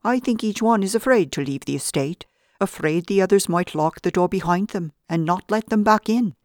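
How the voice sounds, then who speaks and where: A woman's voice: medium pitch, moderate pace, darkish tone, no echo, clean studio sound, pitched above the performer's own voice, natural voice. Woman voicing a lilting Irish gardener man. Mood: chatty. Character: small talkative Irish male gardener.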